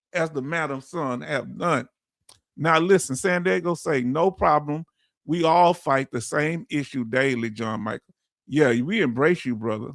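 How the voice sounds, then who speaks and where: A man's voice: fairly high pitch, vocal fry, a bit bright, no room sound, studio quality. Heartfelt Texan man hosting a livestream. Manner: heartfelt, emotional, calls viewers family. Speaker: livestream host reading viewer chat. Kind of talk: casual livestream chat.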